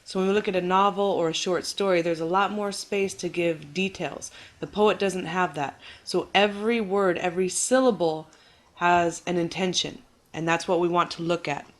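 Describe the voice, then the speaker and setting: A woman teacher gives a recorded lecture, explaining patiently and clearly and reassuring her students; when demonstrating rhythm, she exaggerates word stress. Her voice is on the low side, with a steady tone at normal speed.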